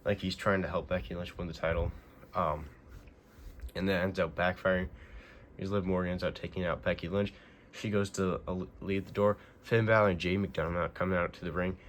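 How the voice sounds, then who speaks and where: Low, level-toned male host for a loose, rambling weekly recap. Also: steady tone, brisk, slight background noise. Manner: rambling, many fillers and restarts. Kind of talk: casual spoken recap.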